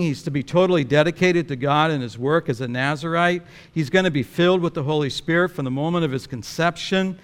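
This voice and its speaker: A male pastor preaching a sermon, telling a story in an animated way and chuckling often. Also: a little high.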